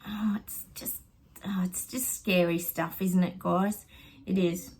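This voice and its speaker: A woman's voice: fairly low pitch, steady tone, slow, a little mellow, breathy edge, low-quality recording. Chatty Australian woman, rambling vlog. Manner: chatty, rambling, lots of ums and asides to her dog. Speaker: psychic vlogger. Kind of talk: casual chat to viewers.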